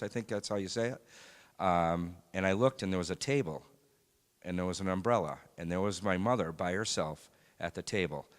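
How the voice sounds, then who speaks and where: Deep-voiced man giving a halting church testimony. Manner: halting, reflective, many pauses and fillers. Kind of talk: personal faith testimony. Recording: long hall reverb.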